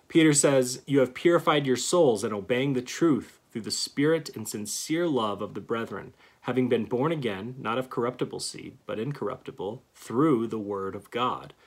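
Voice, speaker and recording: A man giving an earnest theology lecture, stressing key words and pausing to restart phrases. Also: medium pitch, animated, husky. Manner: earnest, emphatic, reads scripture aloud with pauses and restarts. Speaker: Christian teacher.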